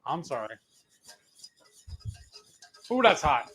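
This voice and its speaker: A man's voice: fairly high pitch, sing-song, slow pace, fairly bright tone, faint music behind. Laid-back man cooking on a live stream. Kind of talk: casual live cooking chat.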